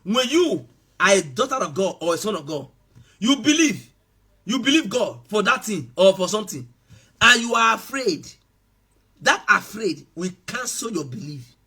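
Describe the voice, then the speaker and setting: High-voiced pastor preaching emphatically. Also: male voice, big pitch swings, normal speed, husky. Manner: emphatic preaching, shifting between shouts and soft asides. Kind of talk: sermon.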